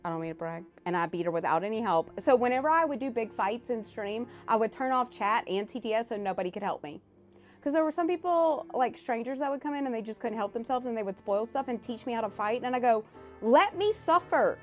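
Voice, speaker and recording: A woman game streamer chatting casually on a live stream and telling stories animatedly, her voice swinging between loud and soft. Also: a little high, quick pace, faint music behind.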